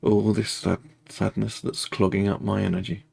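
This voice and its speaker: A man leading a guided tapping meditation, speaking slow, repetitive first-person affirmations. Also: lowish voice, level tone, vocal fry, a little mellow, slightly rough, dry recording.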